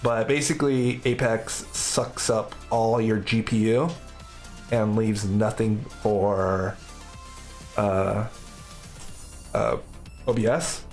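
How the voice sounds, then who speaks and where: A man's voice: on the low side, steady tone, takes it slowly, pauses often, darkish tone, soft background music. A man streaming live coding, thinking aloud in casual, upbeat commentary.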